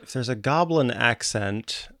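Relaxed man chatting at a game table, dry sound. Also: medium pitch, unhurried, dry recording. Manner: relaxed, chatty, thinking aloud. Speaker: player. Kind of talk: casual tabletop game chat.

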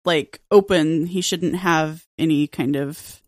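A woman speaks slowly at a tabletop game, counting dice aloud and calling her attacks. Her voice is dry and close. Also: low-pitched, no echo. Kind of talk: casual tabletop game talk.

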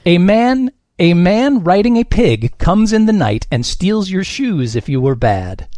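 A man's voice: high-pitched, very animated, a little slow, dark tone, dry recording. A man hosting a comedy quiz game on a podcast, reading scores and answers with a wry, self-mocking manner.

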